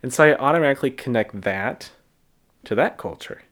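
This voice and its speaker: A man's voice: medium pitch, animated, brisk, fairly bright tone. An American man hosting a solo podcast, talking reflectively in a rambling way with fillers and restarts. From United States. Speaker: podcast host.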